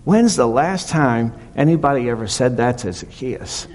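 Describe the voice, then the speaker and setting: A man's voice: medium pitch, animated, moderate pace, a little mellow. A male pastor preaching a casual, conversational sermon, retelling a story with animation. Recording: long reverb of a hall.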